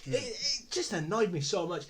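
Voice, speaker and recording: A young man co-hosting a comedy podcast, telling a film plot with exasperated, animated storytelling. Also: high voice, normal speed, a loud crowd. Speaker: podcast co-host. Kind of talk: comedic film review chat.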